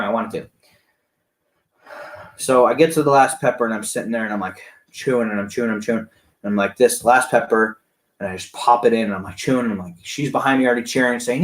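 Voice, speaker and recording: A man casually recounting a competition to the camera, rambling excitedly and acting out the cheering crowd. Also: mid-range voice, roomy sound.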